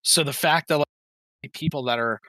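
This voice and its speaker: A man's voice: a little high, moderate pace, sharp tone, no room sound. A man co-hosting a casual podcast, rambling fondly through a memory with lots of fillers. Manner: rambling, fond reminiscing with fillers. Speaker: podcast co-host. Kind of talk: casual chat among friends.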